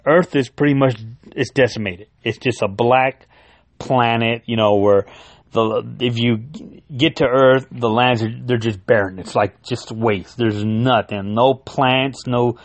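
A young man with a medium-pitched voice recounts a comic story with excitement. His casual telling is full of swearing, fillers and restarted phrases as he chases the images he remembers. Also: a little slow. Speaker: comic book fan retelling a story.

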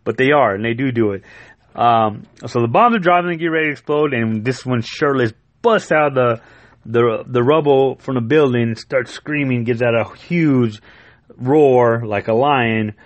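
A man retelling a comic book in loose, rambling chat, swearing freely and getting worked up as he goes. His voice sits in an ordinary middle pitch and sounds close and dry, with no room echo. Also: moderate pace, muffled recording. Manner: rambling, profane and excitable, often laughing. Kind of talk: casual chat.

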